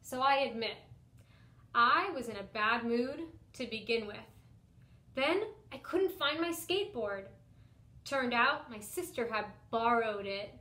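A young woman teacher reads a children's picture book aloud, expressive and lively, telling the story in the first person at a measured pace. Her voice is fairly high, and the room gives the recording an echo.

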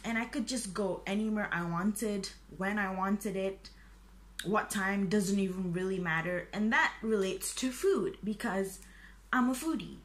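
A woman's voice: medium pitch, a little slow. A young woman, chatting casually and self-deprecatingly to her viewers. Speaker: vlogger. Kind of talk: casual chat to camera.

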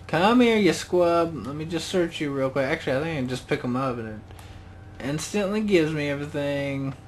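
A man giving goofy, excitable gameplay commentary as a let's play host, cracking self-mocking jokes and cheering on the action. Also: on the high side, slight background noise.

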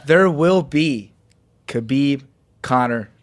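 A man with an ordinary, middle-pitched voice. He speaks plainly and earnestly in a casual podcast conversation about fighting. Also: lively intonation, slow pace. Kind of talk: casual chat.

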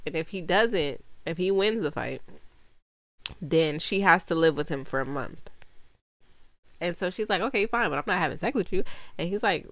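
Chatty young woman with a low voice. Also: a bit bright, no echo. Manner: chatty, lots of "like" fillers, frequent laughter, blunt swearing. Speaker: movie reviewer. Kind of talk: casual rambling recap.

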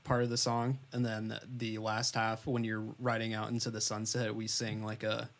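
A man co-hosting a podcast, chatting in a laid-back way and trailing off quietly. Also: fairly low pitch, completely flat delivery, moderate pace. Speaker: podcast co-host. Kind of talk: casual chat.

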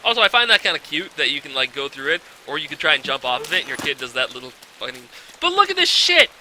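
A man giving exasperated, profane commentary over his gameplay, ranting about hidden collectibles with loud outbursts. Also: fairly high pitch, very animated, quick pace, a little hiss or hum.

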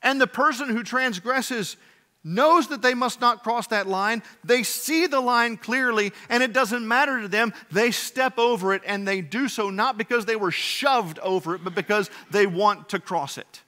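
Male preacher, high and bright, dramatic sermon delivery full of rhetorical questions. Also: normal speed, big-room sound. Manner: dramatic preaching, swings between loud emphasis and hushed low delivery. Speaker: pastor. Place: church sanctuary.

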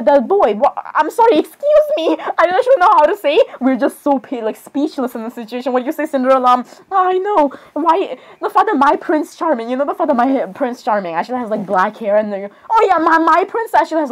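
Flustered high-voiced woman stammering apologies. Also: poor audio. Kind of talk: casual in-game role-play chat.

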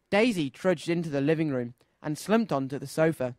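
A man presenting a children's radio show, reading a story aloud with an expressive, lively delivery. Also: a little high, a little fast, few pauses, no echo. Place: radio studio.

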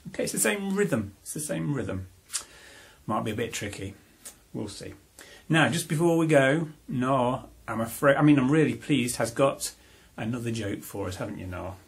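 A man giving a playful home music lesson to a young child, talking in a bright, encouraging, sing-song way. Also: medium pitch, lively intonation, moderate pace, vocal fry, slightly rough. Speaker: parent teaching music to a child.

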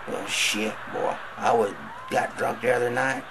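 A man's voice: medium pitch, steady tone, a little slow, gravelly, background noise. A man telling a crude stand-up story in a drawling country manner, acting out other voices. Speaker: comedian.

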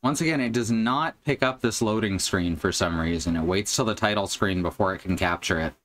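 A man's voice: lowish voice, brisk, fairly bright tone. A man streaming a video game live, chatting to viewers with casual, wry commentary.

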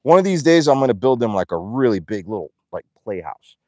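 A young man on a casual outdoor livestream at an animal ranch chats away, reads out donor names, and coos at the animals. He speaks briskly with a dark, medium-pitched voice and big pitch swings, recorded in studio quality without echo.

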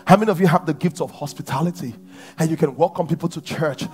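A high-pitched man preaches to a church congregation, pressing his points with repeated rhetorical questions. Faint music plays underneath his voice. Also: fast, darkish tone. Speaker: pastor. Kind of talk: sermon.

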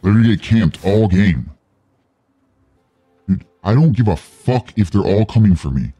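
A man's voice: fairly low pitch, expressive, normal speed, mellow, slightly rough, dry recording. A man streaming a video game, giving live commentary and ranting angrily and profanely at his teammates.

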